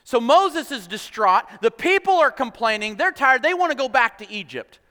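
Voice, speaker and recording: High bright-voiced preaching man. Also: very animated, moderate pace. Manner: storytelling with playful quoted voices and jokes. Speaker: pastor. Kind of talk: sermon. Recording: long hall reverb.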